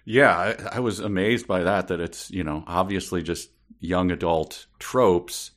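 A man's voice: deep voice, steady tone, measured pace, a bit bright. A man co-hosting a casual book podcast, chatty and amused as he tells stories. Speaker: podcast co-host.

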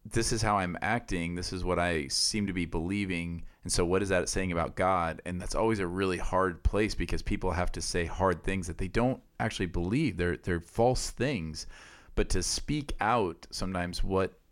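A man's voice: low-pitched, moderate pace, hardly any pauses. A man co-hosting a faith podcast who works in biblical counseling, talking in an easygoing, joking way. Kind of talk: casual podcast chat.

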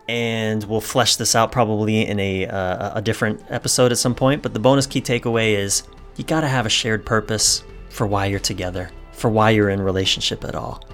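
A man's voice: medium pitch, a bit bright, clear, resonant tone. A man hosting a solo podcast, speaking earnestly and repeating his key points for emphasis. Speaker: podcast host.

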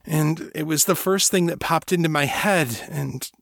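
A man's voice: mid-range voice, animated, unhurried, fairly bright tone, husky, no echo, studio quality, exaggerated voice. A man voicing an awkward young man with godlike powers, stammering and apologetic.

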